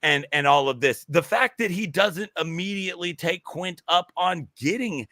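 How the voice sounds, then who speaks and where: A man co-hosting a podcast, talking excitedly in casual chat with many restarts and halting phrases. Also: high-pitched, vocal fry, no echo, studio quality. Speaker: podcast co-host.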